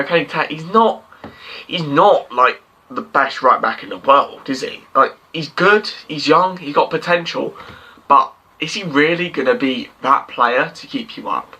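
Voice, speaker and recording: A man's voice: a little high, pushed and bright. A young man ranting casually about football, rambling, swearing and mocking himself. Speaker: football vlogger. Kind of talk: casual reaction vlog. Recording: dull lo-fi sound.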